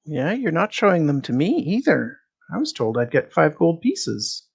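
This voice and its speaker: Woman doing a sly, low-voiced fey dragon. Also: big pitch swings, gravelly, a little mellow, slightly rough, heavily acted. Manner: slow, teasing, sly dealmaker. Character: cunning bargaining fey dragon.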